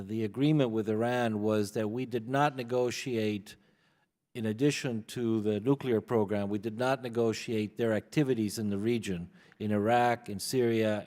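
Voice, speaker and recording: A man's voice: on the low side, a little mellow. A man giving testimony as a witness at a committee hearing, earnest and prone to repeating words as he begins a point. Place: large hearing room. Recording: long hall reverb.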